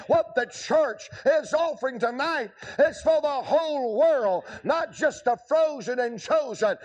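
A man preaching a revival sermon, emphatic and swinging from quick asides to long, drawn-out shouted lines. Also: extremely high pitch, lively intonation, lo-fi sound.

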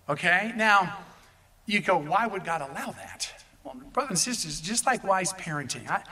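A male pastor preaching a sermon in an animated way, addressing the congregation directly. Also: sits high, far from the mic.

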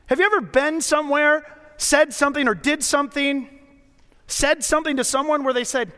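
A middle-aged man preaching a sermon as a pastor, telling stories in a conversational way with dramatic pauses. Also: extremely high pitch, bright, forceful tone. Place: church sanctuary. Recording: long hall reverb.

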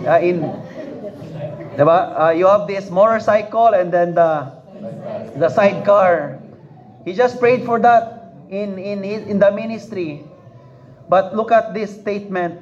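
A man preaches in a high, unhurried voice. He repeats his phrases for emphasis and puts questions to his listeners. The recording sounds dull and lo-fi. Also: darkish tone. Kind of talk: sermon.

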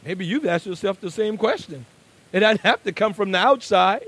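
A man preaching a sermon, moving between quiet, conversational asides and loud, emphatic declarations. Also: high-pitched, animated, moderate pace, slightly rough, poor audio.

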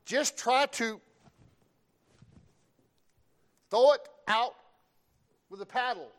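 A man's voice: sits high, big pitch swings, normal speed. A man playing his stern old country grandfather, barking orders in a story. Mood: yelling. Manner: yelling orders.

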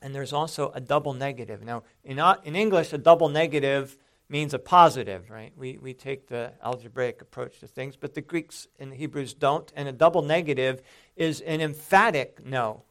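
A man's voice: medium pitch, moderate pace, fairly bright tone. A man teaching a Bible sermon, explaining passages step by step and stressing quoted lines with emphatic rises.

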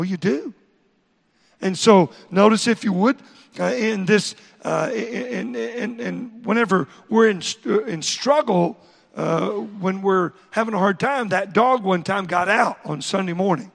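A man's voice: high-pitched, measured pace, creaky. A man preaching a midweek sermon in a folksy storytelling way, repeating himself as he goes. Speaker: pastor. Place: church sanctuary. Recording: church hall reverb.

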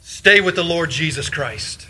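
A man's voice: a little high, lively intonation, a little slow, sharp tone, husky, poor audio. A male pastor preaching a sermon, firing off rhetorical questions and repeating short phrases for emphasis. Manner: leans on short repeated exhortations.

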